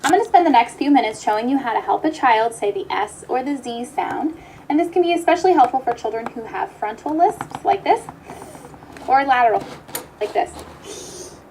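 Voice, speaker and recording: A woman with a high voice gives a clear, upbeat instructional lesson, explaining speech therapy techniques step by step. She sounds like a practiced therapist talking straight to camera. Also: animated, a little fast, a little mellow, slight background noise, rough recording.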